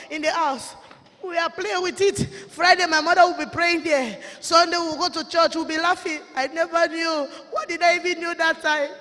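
A woman's voice: extremely high pitch, sharp tone. Impassioned woman preaching in a hall. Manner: impassioned, tearful preaching in plain, broken phrasing. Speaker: testimony preacher at a ministers' conference. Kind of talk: fervent sermon testimony. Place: church conference hall. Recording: long hall reverb.

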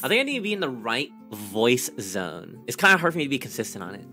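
A man's voice: mid-range voice, very animated, fast talker, music in the background. A male streamer chatting casually, self-deprecating and rambling, often breaking into laughter. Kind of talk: casual chat.

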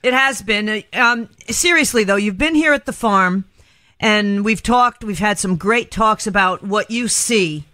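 A woman hosting a talk radio show, chatty and quick to laugh. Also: medium pitch, pushed and bright, no echo. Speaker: radio host. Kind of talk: casual talk radio chat.

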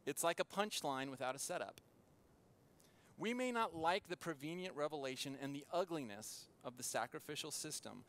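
A man preaching a sermon in a church as pastor, earnest and with dramatic pauses. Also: a little high, a bit bright.

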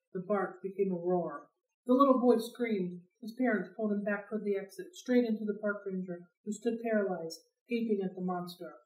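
A woman reading a novel aloud for a library read-along, in an expressive, steady storytelling manner. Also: medium pitch. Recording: roomy sound, distant from mic.

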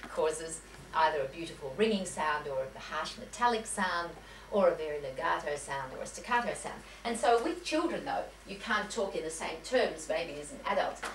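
A woman piano teacher giving a lecture to teachers, talking in a chatty, anecdotal way with many restarts and self-corrections. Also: on the low side. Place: lecture room. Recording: echoey room, voice from far off, faint hiss.

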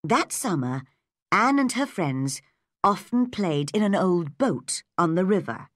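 Woman narrator for learner stories, low-ish, unhurried, clear diction. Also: lively intonation, no room sound, studio quality. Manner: slow, clear, measured reading. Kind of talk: graded-reader story narration for learners.

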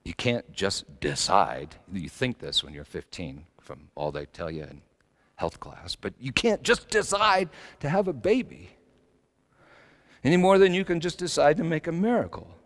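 A middle-aged male pastor preaching a sermon, swinging between loud emphatic lines and hushed low phrases. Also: expressive, normal speed. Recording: long hall reverb.

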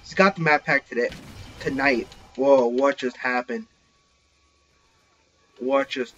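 A young man giving excited live commentary while playing an online shooter, talking into a headset. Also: medium pitch, takes it slowly, pauses often. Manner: excitable, reacting loudly to kills. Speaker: gaming channel host. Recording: slightly dull lo-fi recording.

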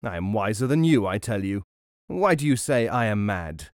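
A man's voice: lowish voice, big pitch swings, normal speed, dry recording, clean studio sound. A man playing an indignant proud carpenter. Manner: indignant, emphatic. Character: proud, hot-tempered grown father carpenter.

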